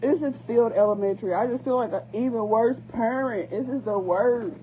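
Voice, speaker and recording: High-voiced woman, upset and pleading, repeats herself, sounds like a phone line. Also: a little fast, a little hiss or hum. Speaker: parent. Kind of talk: emotional phone vlog. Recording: tinny phone-quality recording.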